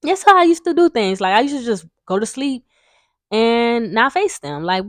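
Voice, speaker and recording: A woman's voice: a little high, animated, unhurried, no echo. Rambling young woman, dry close sound. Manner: rambling, frank, swears freely, many fillers. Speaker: vlogger. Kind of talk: casual storytime vlog.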